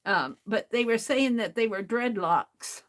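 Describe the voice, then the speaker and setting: A middle-aged woman unboxes craft mail in a casual livestream vlog, speaking in a fairly high, somewhat bright voice at an unhurried pace. She chats to herself and her viewers and often laughs.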